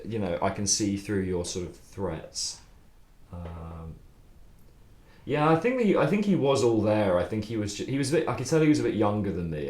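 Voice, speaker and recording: A man's voice: fairly low pitch, a little mellow, roomy sound. A young man who writes songs, chatting loosely during a stream, rambling and swearing with frequent laughs. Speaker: songwriter streaming his writing process. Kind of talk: casual livestream chat.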